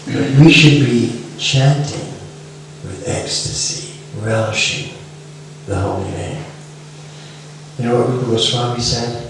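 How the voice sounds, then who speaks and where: A middle-aged man giving a devotional lecture with stories, softly chanting a mantra between remarks and asking his listeners questions. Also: medium pitch, measured pace, long pauses. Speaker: devotional speaker. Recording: echoey room, far from mic, faint hiss.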